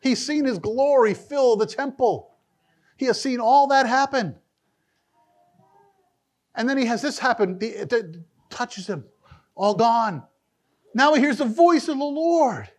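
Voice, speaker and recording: A male pastor delivering a sermon in a church, his voice sitting high and leaping around with lively swings of pitch. He moves between loud, emphatic bursts and low, hushed asides as he preaches to the congregation. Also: takes it slowly, pauses often. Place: church sanctuary.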